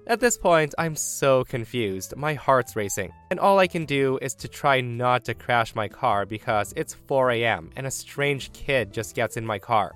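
A man's voice: mid-range voice, expressive, normal speed, hardly any pauses, a bit bright, smooth, soft background music. A man reading a story aloud, telling it with energy and acting out his own panicked lines. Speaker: story narrator.

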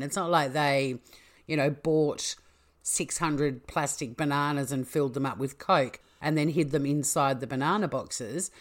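A woman hosting a true-crime podcast, chatty and playful, correcting herself as she goes. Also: low voice. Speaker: podcast host.

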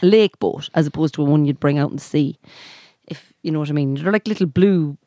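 A woman's voice: sits low, brisk, mellow, no room sound, clean studio sound. A woman with an Irish accent telling a rambling story in casual chat, full of "like" and "so anyway".

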